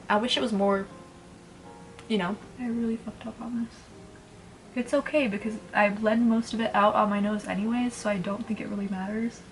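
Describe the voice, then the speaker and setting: A woman in her twenties chatting casually at home while doing her makeup, rambling and blunt, swearing freely. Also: on the high side. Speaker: beauty vlogger. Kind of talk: casual get-ready-with-me chat.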